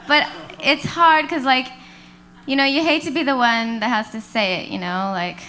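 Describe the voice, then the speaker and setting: A woman comedian doing a stand-up set with a dry, deadpan delivery. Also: high-pitched, normal speed, noisy background. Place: comedy club stage.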